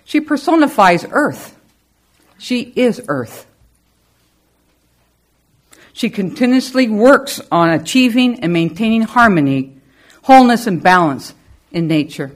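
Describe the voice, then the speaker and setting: A middle-aged woman giving a lively, storytelling spiritual talk to a congregation. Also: measured pace, long pauses. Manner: lively storyteller with animated pitch. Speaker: service leader.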